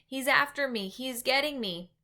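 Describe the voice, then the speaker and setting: A woman's voice: high voice, normal speed, pushed and bright, pitched above the performer's own voice. A woman voicing a huge, child-eating male giant who bellows and screams in panic. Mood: terrified bellowing.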